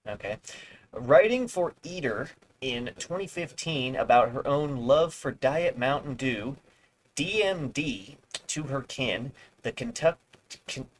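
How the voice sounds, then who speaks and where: The voice is a man's, mid-range, on a low-quality recording. He's a streamer working through an article aloud at his home setup, going off on sarcastic tangents, swearing at times, and fumbling his words.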